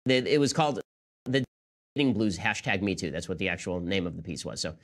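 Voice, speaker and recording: A man's voice: low-pitched, fairly quick. A man hosting a political commentary show, talking sarcastically and with disbelief. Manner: sarcastic, incredulous. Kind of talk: rapid-fire commentary.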